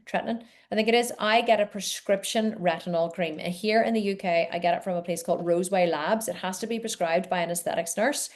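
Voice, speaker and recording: Brief: woman host, forties, casual live-call chat, warm encouragement, rambles. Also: lowish voice.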